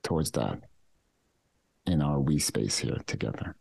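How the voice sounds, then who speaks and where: A man with a very low, deep voice, speaking as a podcast co-host. He talks gently and slowly, staying open and contemplative, and lets his thoughts unfold softly in an intimate conversation. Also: animated, vocal fry, slightly rough, dry recording. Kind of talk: casual reflective conversation.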